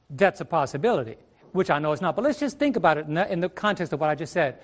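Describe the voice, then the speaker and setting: A man's voice: fairly high pitch, animated, racing. A middle-aged male preacher teaching a Bible study sermon on a ministry stage, asking rhetorical questions and repeating his phrases.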